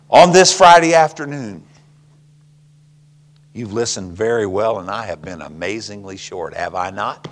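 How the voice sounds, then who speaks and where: An older man preaching a folksy, humorous sermon and closing in prayer, swinging from hushed whispers to loud cries. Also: on the low side, lively intonation, normal speed, slight background noise. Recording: long reverb in a hall.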